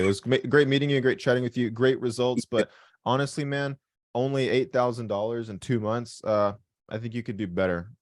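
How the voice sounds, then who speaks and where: A man's voice: medium pitch, fairly even intonation, brisk, no room sound, clean studio sound. A man hosting a live trading session, talking bluntly, joking and swearing freely as he explains his trades. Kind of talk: live call-in session, casual profanity.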